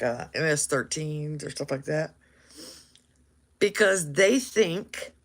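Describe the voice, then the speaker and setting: A man's voice: a little high, fairly bright tone. A man casually telling a story, laughing often and acting out what people said.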